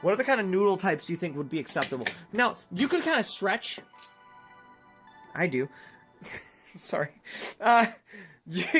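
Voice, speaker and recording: A man's voice: high-pitched, big pitch swings, measured pace, long pauses, a bit bright. A man chats through a let's play in a loose, rambling way, joking and cutting himself off mid-thought. Faint music plays underneath. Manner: rambling, jokey, self-interrupting. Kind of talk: casual gameplay chat.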